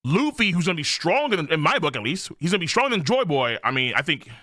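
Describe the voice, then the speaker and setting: Man, streamer, live reaction, profane and joking, bright voice, slightly high pitch. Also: fast talker, no echo, clean studio sound. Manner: animated, profane, lots of laughing asides.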